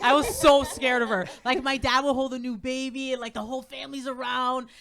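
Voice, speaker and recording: High-voiced woman doing stand-up, crowd around. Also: a little fast, vocal fry. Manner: animated, acts out her kids in loud voices. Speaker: stand-up comedian. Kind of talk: stand-up comedy set. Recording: live room with crowd audible.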